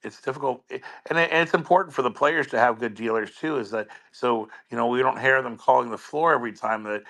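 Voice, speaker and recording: A man with a bright, forceful tone talks in a casual chat. He stumbles and restarts often, repeating words before he finds his point. His pitch sits in an ordinary middle range. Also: quick pace, creaky.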